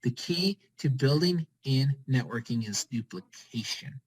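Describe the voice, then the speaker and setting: An energetic man at a mid pitch, rallying his team on a group call. He talks fast and repeats short commands again and again to push his listeners into action. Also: breathy edge, poor audio. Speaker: team leader on a network-marketing call. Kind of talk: motivational pep talk on a group call.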